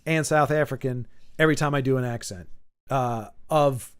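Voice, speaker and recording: A man in his forties chatting casually on a stream, rambling, with lively, animated delivery and frequent restarts. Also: medium pitch, normal speed, clean tone. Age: 40s.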